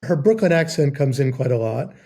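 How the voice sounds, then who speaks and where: A man's voice: medium pitch, brisk, slightly rough. A man who writes, on a film podcast panel, talking wryly with lots of questions. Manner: wry, questioning, animated. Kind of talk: casual film discussion.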